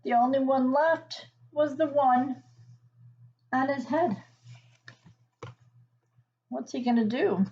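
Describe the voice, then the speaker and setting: A woman reading a picture book aloud to children, pausing to ask them questions and explain words. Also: sits high, dull audio, slight background noise. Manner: gentle teacherly asides and questions to the listener. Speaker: children's story reader.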